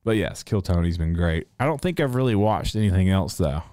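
A man in his thirties from North Carolina, chatting casually with his audience and ranting in profane, animated bursts. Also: sits low, fairly quick, dry recording. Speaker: streamer answering chat. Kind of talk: casual rambling chat.

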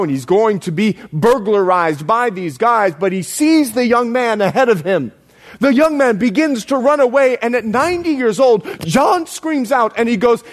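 A man from the Bahamas preaching a sermon, his voice sitting high with wide, lively swings of pitch. He tells stories with emphasis, dropping to hushed low lines for weight and rising again for punch. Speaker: pastor.

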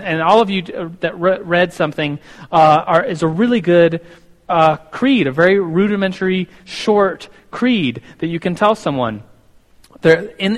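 A young man giving a casual church teaching, animated and acting out both sides of imagined conversations. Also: high voice, big-room sound.

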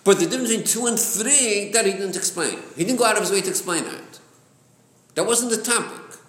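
Lively male teacher, high-ish voice, repeats himself as he explains, recorded in a roomy space. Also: brisk. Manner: lively, repeats words, mixes Hebrew and Yiddish terms into English. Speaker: Torah class teacher. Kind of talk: Chassidic text class, explaining to students. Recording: echoey room.

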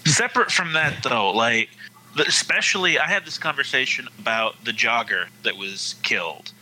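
A man with a very bright, sharp voice argues his point hard and swears freely. A faint hum sits behind him. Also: mid-range voice, animated, moderate pace, poor audio. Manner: emphatic, heated, swears freely. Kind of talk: casual panel discussion.

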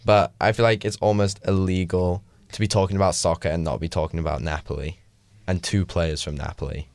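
A man's voice: deep voice, steady tone, a little fast, darkish tone, no room sound. A young man co-hosting a podcast in casual chat, laid-back and agreeable with casual slang. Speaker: podcast co-host.

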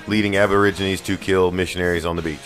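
A man guesting on a casual podcast, easygoing and self-mocking. His voice sits on the low side. Faint music plays beneath the talk. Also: flat delivery, quick pace, fairly bright tone. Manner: laid-back, self-mocking joking.

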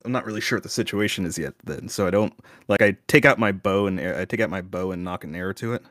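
A man's voice: low-pitched, fast talker, fairly bright tone, dry recording, studio quality. A man playing a tabletop game, thinking aloud and hesitating as he decides. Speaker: player.

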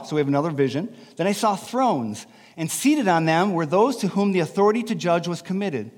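A man preaching a sermon as pastor, animated and conversational, asking the congregation questions. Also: high-pitched, in a large hall. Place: church sanctuary.

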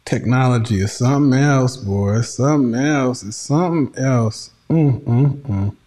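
A man's voice: medium pitch, measured pace, warm tone, reverberant. A man hosting a casual commentary, teasing and mocking with frequent laughter. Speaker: host.

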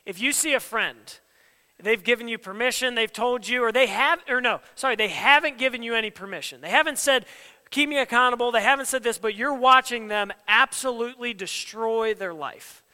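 A man's voice: very high voice, brisk, sharp tone, smooth. A man giving a conversational, emphatic sermon as a pastor, acting out quoted dialogue as he goes. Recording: long hall reverb.

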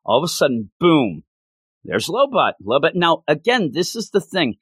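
Brief: lively male co-host, lots of laughter, pitch jumping around, dry mic. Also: moderate pace, breathy edge, dry recording. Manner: animated, laughs often, trails off and restarts. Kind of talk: casual chat.

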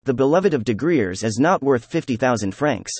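A man reading the lines of a scornful, hysterical young woman in a novel, in an even, unhurried voice. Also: medium pitch, slightly rough, no room sound. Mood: overwrought.

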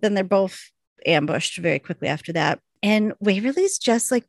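Woman podcast co-host with a gravelly, fry-heavy voice, lively recap, dry close sound. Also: medium pitch, normal speed, dry recording. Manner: enthusiastic, acts out lines from scenes. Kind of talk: casual chat.

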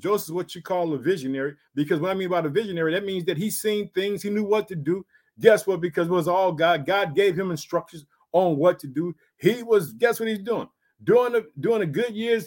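A man preaching a sermon, reading scripture and repeatedly calling out to his listeners in a fervent, emphatic way. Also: high-pitched. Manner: fervent, repetitive call-outs like "did you hear that"; reads scripture aloud then exhorts, shifting loudness.

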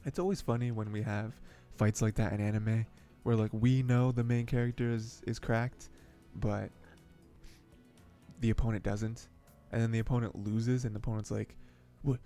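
A man chatting casually through an anime recap, his voice gravelly with a warm, mellow tone. He rambles, chuckles often and leans on fillers, with faint music underneath. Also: lowish voice, steady tone, normal speed. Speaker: anime podcast host. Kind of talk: casual episode recap and commentary.

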